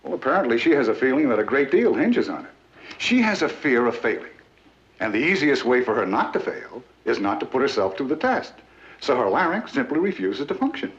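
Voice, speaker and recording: A man playing a calm family doctor who explains in a measured way. His voice moves over a wide range. Heard through dull old TV audio. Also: medium pitch, close to an everyday voice.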